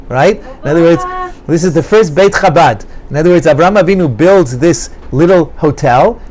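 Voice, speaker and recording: A man's voice: a little high, normal speed, noisy background. A man teaching a Torah class to students, asking them questions and repeating key phrases as he explains a verse.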